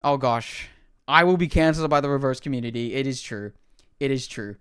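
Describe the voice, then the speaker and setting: A young male streamer with a smooth, clean voice, chatting on a live stream as he reacts to game trailers. He rambles, apologizes, and laughs at himself. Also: medium pitch, fairly quick, a bit bright. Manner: apologetic, rambling, self-deprecating.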